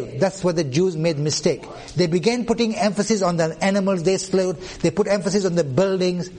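A man's voice: high voice, darkish tone. A man preaching a sermon, citing scripture references and asking the congregation questions that he answers himself. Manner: reads out scripture references deliberately.

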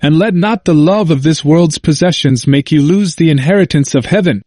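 A man voicing a steadfast young Christian wife who faces death, speaking firmly and gently. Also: a little high, normal speed, dry recording, studio quality, voice pushed up, close to an everyday voice. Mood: firm, gentle. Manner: firm and gentle.

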